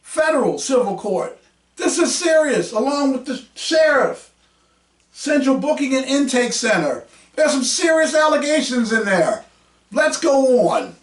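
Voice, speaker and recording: Fiery high-voiced man ranting on a podcast. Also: very animated, a little slow. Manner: combative, mocking, raises voice to shout. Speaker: podcast host. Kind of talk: heated podcast rant. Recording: roomy echo, mic at a distance.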